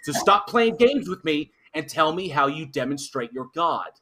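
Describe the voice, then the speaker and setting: A man arguing in a heated online debate, his voice bright and forceful and pitched a little high. He hammers the same demand over and over and swears when he gets angry. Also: sing-song, moderate pace, a little hiss or hum.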